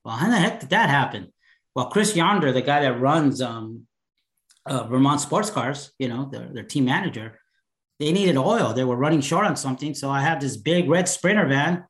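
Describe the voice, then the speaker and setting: A man telling stories in casual chat as a guest, animated and acting out the voices of the people in his stories. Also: medium pitch, normal speed. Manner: animated, acts out quoted dialogue. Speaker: podcast guest. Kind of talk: casual storytelling. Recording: roomy echo.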